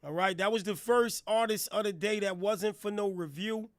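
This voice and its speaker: A middle-aged man from New Jersey hosting a live hip hop radio stream, firing off hype shout-outs in street slang. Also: high voice, moderate pace, dry recording, clean studio sound. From New Jersey, USA. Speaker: radio host reviewing music. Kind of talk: hype livestream radio talk.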